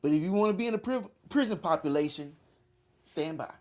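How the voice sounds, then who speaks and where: A man's voice: on the high side, animated, fairly quick. A man co-hosting a casual podcast, teasing and profane, handing out blunt advice. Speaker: podcast co-host. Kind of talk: casual chat.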